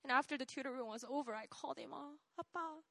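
A young woman, telling a personal testimony in an animated way, laughing often and checking in with "right?". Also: high-pitched, rapid-fire, no echo. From South Korea. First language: Korean. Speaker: speaker sharing a testimony.

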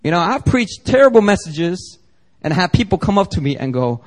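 A man's voice: high voice, animated, brisk. A man preaching a sermon as pastor, conversational and joking, acting out little dialogues. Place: church service.

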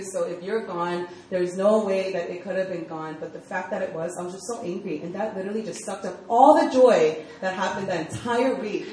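Speaking to a church youth group, a young adult woman gives a casual sermon, telling stories chattily with lots of fillers. Her mid-range voice has a darkish tone, picked up by a distant mic in an echoey room with slight background noise and faint ambience.

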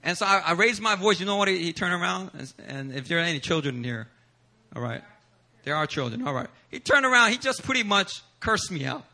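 High, bright-voiced male preacher. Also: a little fast. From Philadelphia, USA. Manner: animated, humorous, acts out quotes. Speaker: pastor. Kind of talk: sermon with personal storytelling. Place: church service.

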